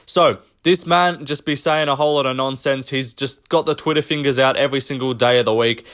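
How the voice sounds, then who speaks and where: A man's voice: mid-range voice, fairly even intonation, a little fast, a bit bright. A young man hosting a casual commentary rant, blunt, mocking and full of swearing. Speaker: host.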